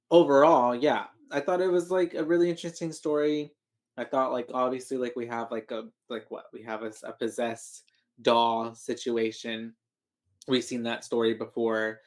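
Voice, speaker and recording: Man, podcast co-host, mid pitch, relaxed, hesitant, lots of fillers. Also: a little slow. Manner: laid-back, hesitant, frequent fillers. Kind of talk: casual movie recap chat.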